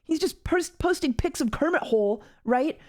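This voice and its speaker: Rambling, high-voiced woman reacting. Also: animated, moderate pace, darkish tone. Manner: rambling, filler-heavy, incredulous. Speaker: co-host reacting. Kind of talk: casual reaction chat.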